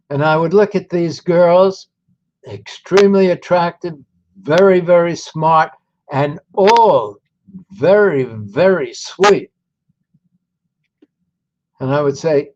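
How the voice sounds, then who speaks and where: A man in his nineties, a veteran telling his life story to an audience in a slow, deliberate, folksy way. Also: fairly high pitch, lively intonation, lo-fi sound. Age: 90s.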